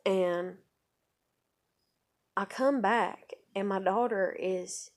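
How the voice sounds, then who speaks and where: A woman's voice: medium pitch, drawn-out words. Rambling, cussing woman. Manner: rambling and profane, swings from quiet asides to loud outbursts. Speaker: vlogger. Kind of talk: casual storytelling vlog.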